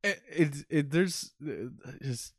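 A man in casual chat, animated and exasperated, acting out what characters say. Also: a little high, slow pace, no room sound, studio quality. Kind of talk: casual chat about a video game.

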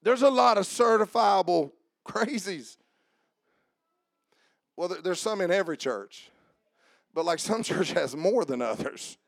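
A man preaching a sermon as pastor, shifting between shouted, rhythmic runs and a lower conversational tone, with jokes for the congregation. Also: expressive, a little slow, creaky, long pauses, dry recording. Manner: joking with the congregation.

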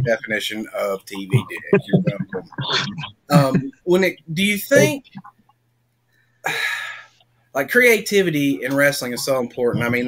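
A man hosting a casual interview, enthusiastic and asking long, probing questions. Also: mid-range voice. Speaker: podcast host.

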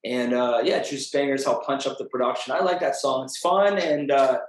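A man, a music producer and artist, chatting upbeat in an interview, often pausing with "uh" and "um". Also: medium pitch, steady tone. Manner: upbeat, chatty, with hesitant "uh" and "um" restarts. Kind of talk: casual interview talk. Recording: echoey room.

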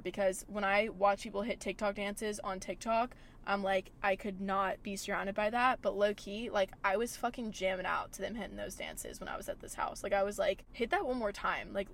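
A woman's voice: medium pitch, a bit bright. A young woman hosting a podcast, chatting casually, full of "like" fillers and swearing, acting out what people said to her. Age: young adult. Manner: chatty, fillers like "like", swears freely, acts out quotes. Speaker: podcast host. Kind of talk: casual chat.

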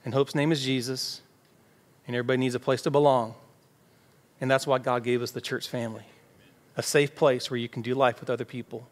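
With medium pitch and a level tone, a man preaches briskly as pastor in a church sanctuary. His sermon is conversational, full of acted-out everyday dialogue, and the recording has long hall reverb over faint music.

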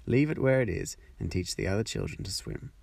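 A man's voice: low-pitched, wildly swooping pitch, brisk, gravelly, a little mellow, no room sound, full character voice. A man voicing a bossy old female duck who gives know-it-all advice in a storybook.

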